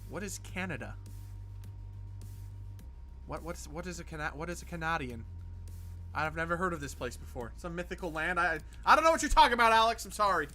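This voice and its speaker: High, lively man streaming a game. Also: a little fast, pauses often, soft background music. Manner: jokey and sarcastic, answers chat, rambling with restarts. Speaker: gaming livestream host. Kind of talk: casual livestream chat while playing.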